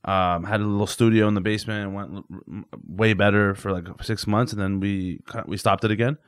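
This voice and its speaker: A man's voice: lowish voice, fairly even intonation, fairly quick, clean tone, no room sound. Chatty young man, dry studio sound. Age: young adult. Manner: rambling, self-deprecating, many fillers. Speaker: comedian guest. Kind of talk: casual podcast chat. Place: podcast studio.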